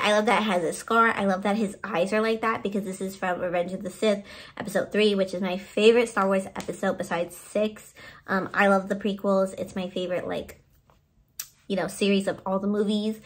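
A woman chatting to her phone camera at home, gushing and excited as she shows off her birthday haul, laughing often. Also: medium pitch, a little fast, slightly rough. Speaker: vlogger showing a birthday haul. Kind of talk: casual chat to camera.

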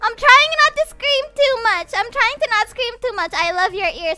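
A woman's voice: very high-pitched, lively intonation, moderate pace, few pauses, music in the background. A young woman from Indonesia, a virtual idol streamer, chatting theatrically over a game, swinging between shrieks and mutters as she reads chat aloud.

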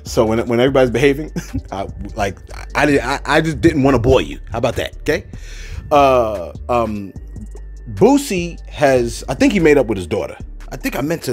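A man's voice: mid-range voice, sing-song, normal speed, soft background music. A man giving casual celebrity news commentary, rambling with frequent restarts and asides to his viewers.

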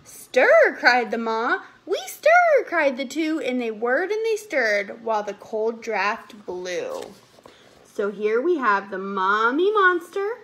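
A preschool teacher reading a picture book aloud to young children, animated and coaxing them to count along. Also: female voice, on the high side, slow pace, a little hiss or hum.

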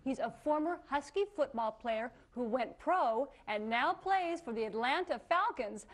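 A snooty self-obsessed talk host, high voice that swings all over, snippy and condescending. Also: female voice, lively intonation, a little slow. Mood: smug. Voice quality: snide, condescending. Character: vain rude snippy female talk show host. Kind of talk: sketch comedy acting.

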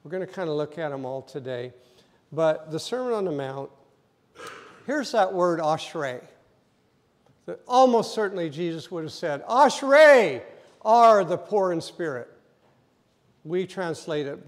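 A man preaching a sermon as pastor, telling the story vividly and acting out scenes, sometimes rising to loud emphasis. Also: fairly high pitch, normal speed, in a large hall. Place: church sanctuary.

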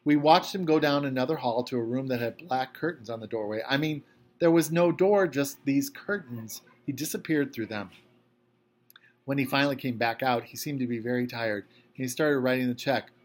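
A man's voice: medium pitch, normal speed. A man, a teacher, reading a novel aloud to his class in a casual, conversational voice. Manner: casual, conversational first-person narration.

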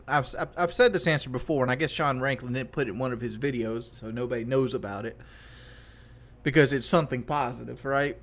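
A man's voice: mid-range voice, fairly bright tone. A man talking casually on a live stream, venting his frustration, swearing a lot and often restarting his sentences. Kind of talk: casual live-stream talk, answering chat.

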